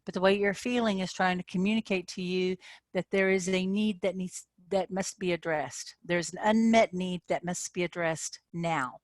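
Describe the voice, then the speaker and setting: A manifestation coach gives an informal online talk to her members, speaking conversationally and often checking in with "okay?" She becomes animated when acting out frustration. Her voice is fairly low, at a normal speed, with no room sound.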